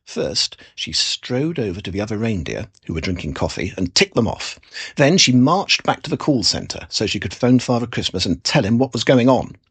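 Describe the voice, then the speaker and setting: Husky, lively storybook narrator. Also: medium pitch, moderate pace. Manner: expressive, animated storytelling. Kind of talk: storybook reading.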